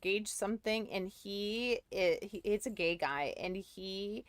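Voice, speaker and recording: A young woman streams a game and chats casually with her viewers, rambling and giggling a lot as she talks to chat. Her voice is medium-pitched and slow, and the recording is dry.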